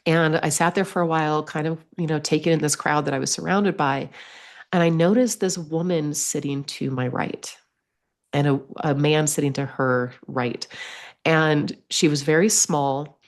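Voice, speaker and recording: A woman telling a personal story as a podcast guest, lively, acting out the voices she quotes. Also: sits low, moderate pace. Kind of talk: storytelling in conversation.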